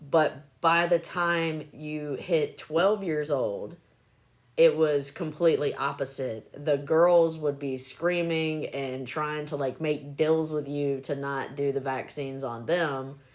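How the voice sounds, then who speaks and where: A woman casually telling animated anecdotes on a phone live stream, breaking into laughter as she goes. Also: low voice, takes it slowly. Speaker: livestreamer recalling clinic work.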